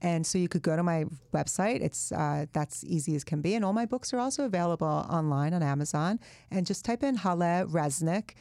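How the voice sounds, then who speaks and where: A woman's voice: fairly low pitch, lively intonation, a little fast, few pauses, mellow, dry recording, clean studio sound. A woman author being interviewed on a podcast, speaking earnestly and thoughtfully in casual chat. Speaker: author and guest.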